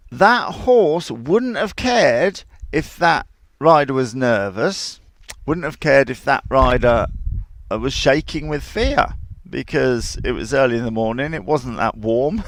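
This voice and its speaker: A man's voice: medium pitch, sing-song, takes it slowly, creaky. A man who trains horses, giving casual advice with rambling, digressive anecdotes and frequent chuckles. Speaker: horse trainer and show host.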